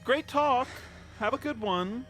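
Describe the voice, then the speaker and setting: Man doing a spoiled young celebrity: arrogant, dismissive, high and swooping. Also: lively intonation, slow, a bit bright, faint music behind, heavily acted. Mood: haughty. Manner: haughty, self-assured, dismissive.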